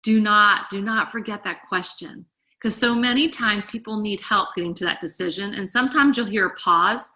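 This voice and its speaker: A woman's voice: mid-range voice, normal speed, sharp tone. A woman leading a group call, coaching her team in an eager, chatty, encouraging way. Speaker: team leader.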